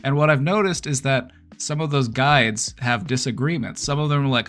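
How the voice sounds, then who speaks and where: A man's voice: medium pitch, moderate pace, fairly bright tone. A man hosting a livestream, talking casually and bluntly to his chat, swearing freely. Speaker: livestream host.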